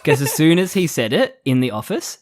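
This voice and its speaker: A man's voice: a little high, very animated, a little fast, no room sound, studio quality. An Australian man co-hosting a podcast, chatting casually and laughing often as he tells stories. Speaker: podcast co-host. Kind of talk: casual chat.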